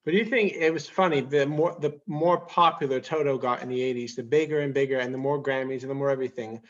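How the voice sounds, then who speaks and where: A man hosting a casual interview, agreeing often with quick affirmations. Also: mid-range voice, dull audio. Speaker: podcast host.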